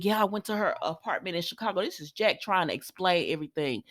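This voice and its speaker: A woman's voice: fairly low pitch, lively intonation, quick pace, hardly any pauses, no echo. Woman, chatty soap recap, opinionated, dry close sound. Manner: chatty and opinionated, quoting characters, sighs and laughs. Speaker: soap opera recap host. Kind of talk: casual recap commentary.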